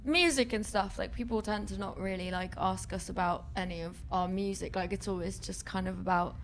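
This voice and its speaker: A woman's voice: medium pitch, steady tone, a little fast. Rambling young woman, faint festival noise. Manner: rambling, filler-heavy, swearing. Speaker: band member, interview guest. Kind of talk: casual chat.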